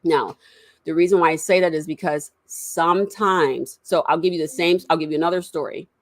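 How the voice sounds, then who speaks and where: A woman in casual conversation, a parent telling animated stories and acting out the voices of the people in them. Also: low-pitched, brisk, no room sound. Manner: animated storyteller, acts out quotes.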